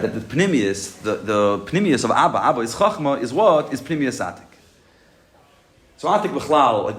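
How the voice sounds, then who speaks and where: Male Torah teacher, mid-range voice, lively lecturing, roomy echo. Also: medium pitch. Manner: animated, acts out "I got it" moments, asks and answers himself. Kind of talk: Chassidus class lecture.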